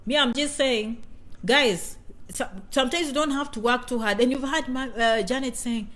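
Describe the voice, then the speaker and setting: A woman's voice: sits high, moderate pace, a bit bright. A woman in her thirties from Kenya, hosting a casual live-stream chat with viewers, talkative and playful, often repeating phrases.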